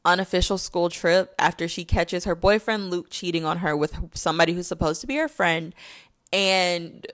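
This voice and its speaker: A woman's voice: lowish voice, moderate pace, a bit bright. A young woman talking through a casual video essay, chatty and full of "like"s. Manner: chatty, filler-heavy, with many "like"s.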